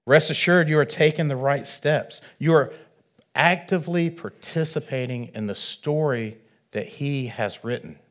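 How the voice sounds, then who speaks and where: A man preaching a sermon, measured and earnest, swelling louder on key phrases. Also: mid-range voice.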